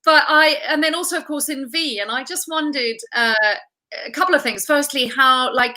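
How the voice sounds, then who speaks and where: A woman hosts an interview with a fairly high, very bright and forceful voice. She sounds enthusiastic and playful, and she pays her guest compliments as she chats. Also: normal speed, poor audio. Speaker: interview host. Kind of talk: casual interview chat.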